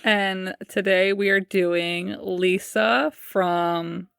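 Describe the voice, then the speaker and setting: A woman co-hosting a podcast in casual chat, relaxed and rambling, with many fillers. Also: mid-range voice, drawn-out words, gravelly, smooth, no echo, clean studio sound. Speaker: podcast co-host.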